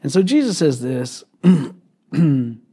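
A man's voice: medium pitch, very animated, slow pace, dark tone, slightly rough. A man, a pastor, preaching a conversational sermon to his congregation, asking questions and laughing often. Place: church hall.

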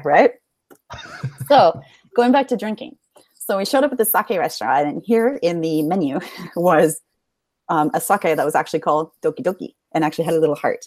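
A young American woman with a slightly low voice tells stories in a bubbly, chatty way and laughs often. Her voice sounds dry and close, with no room around it. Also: lively intonation, a little fast, darkish tone, dry recording. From United States. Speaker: podcast guest. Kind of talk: casual chat.

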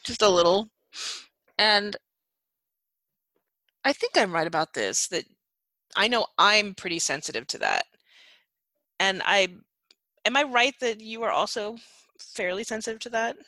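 A woman hosting a casual interview, halting and searching for her words as she asks questions. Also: mid-range voice, animated, bright, forceful tone, no echo. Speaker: podcast host.

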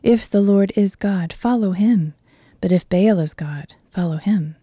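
A woman's voice: mid-range voice, unhurried, breathy edge, no room sound, studio quality. A woman reading a bold male prophet. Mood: challenging. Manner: earnest, steady reading voice. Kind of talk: Bible reading.

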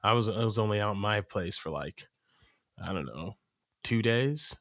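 A man's voice: on the low side, lively intonation, normal speed, a bit bright, no room sound, clean studio sound. A man from Oregon in casual chat, loose and profane, often repeating words as he starts a thought.

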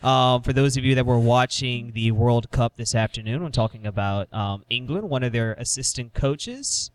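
Male podcast host, mid pitch, dry close sound, easy laugher who keeps the chat moving. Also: normal speed, no echo. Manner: steers the talk, laughs easily. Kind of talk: casual sports podcast chat.

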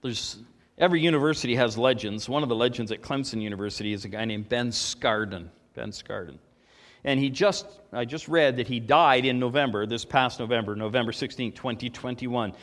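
A man preaching a sermon, telling stories with emphatic swings between loud and soft. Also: medium pitch, brisk, big-room sound. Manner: storytelling, emphatic, rises and drops in volume.

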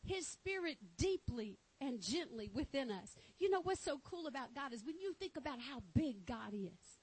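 A woman's voice: sits high, a little mellow, poor audio. A woman with a Texan accent preaching a fervent sermon, exclaiming and reading scripture aloud. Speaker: pastor.

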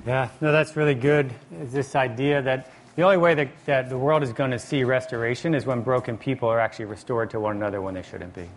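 A man giving a calm, measured faith teaching talk as co-teacher. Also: mid-range voice, slight background noise.

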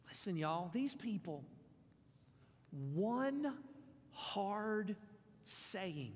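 A man preaching a sermon in a folksy, animated way, tossing in acted asides. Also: high-pitched. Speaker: pastor. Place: church sanctuary. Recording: church hall with long reverb.

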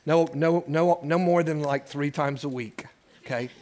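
A man's voice: fairly high pitch, unhurried, darkish tone. Man in his sixties preaching a sermon. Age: 60s. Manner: folksy storytelling that builds to fervent preaching with call-outs. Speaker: pastor. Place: church service.

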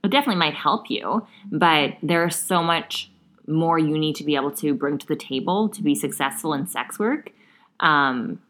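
A woman's voice: sits low, normal speed, fairly bright tone. A young adult woman speaking frankly and bluntly in a casual podcast chat, laughing easily. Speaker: sex worker, podcast co-host.

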